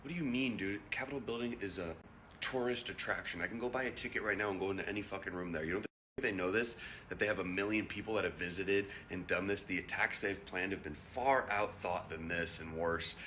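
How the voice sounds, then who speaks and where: A man's voice: deep voice, brisk, sharp tone, a little hiss or hum. A young man ranting heatedly to camera, blunt and profane, firing off rhetorical questions. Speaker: vlogger.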